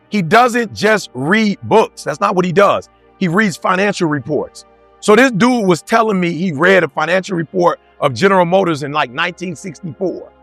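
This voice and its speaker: A man with a high, bright-edged voice and some vocal fry gives a motivational talk to a live audience, recorded close and dry with no echo and faint music behind him. He talks in casual street slang and hurls rhetorical questions right at the crowd.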